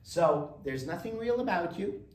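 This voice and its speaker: A man leads a motivational workshop, firing rhetorical questions at his listeners. His voice swoops lively between high and low. He is heard from some distance in a roomy space. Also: a little slow, a little hiss or hum. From Quebec, Canada. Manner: animated, rhetorical questions to the audience. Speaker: workshop presenter.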